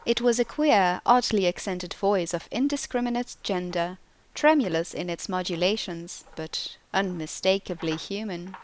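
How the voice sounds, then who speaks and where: A woman narrating an audiobook in slow, deliberate storytelling. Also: mid-range voice. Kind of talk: scripted narration.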